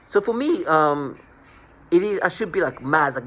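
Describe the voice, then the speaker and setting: A man's voice: fairly high pitch, expressive, fast, fairly bright tone. A man rambling through a scornful personal monologue, restarting and repeating words as he goes. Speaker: vlogger.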